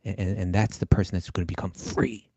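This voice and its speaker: A man's voice: deep voice, fairly even intonation, fast talker, mellow, no echo, lo-fi sound. A man hosting a casual spiritual discussion, explaining ideas thoughtfully with frequent restarts. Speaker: podcast host and teacher.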